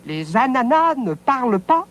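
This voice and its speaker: A woman's voice: on the high side, big pitch swings, normal speed, highs cut off. A woman voicing a playful, teasing male pineapple in a children's TV show, with a sing-song delivery. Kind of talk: children's TV show dialogue in French.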